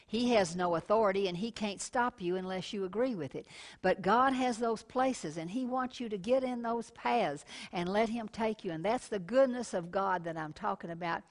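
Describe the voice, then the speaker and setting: A middle-aged woman preaches a televised sermon in a folksy manner, calling listeners "honey" and sharing personal stories. Her mid-range voice moves at a moderate pace.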